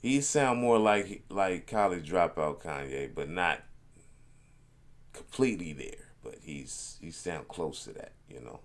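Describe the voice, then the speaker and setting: A man's voice: sits low, animated, unhurried, slight background noise. A man hosting a reaction video, chatting casually in a rambling, laid-back, slangy way.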